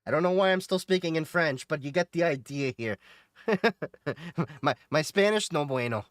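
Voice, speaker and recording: Jokey guy streaming games, talks to chat a lot, bouncy pitch, dry close sound. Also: expressive, moderate pace, no echo. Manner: joking, chatty, answers viewers and laughs often. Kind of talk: casual live-stream chat while gaming.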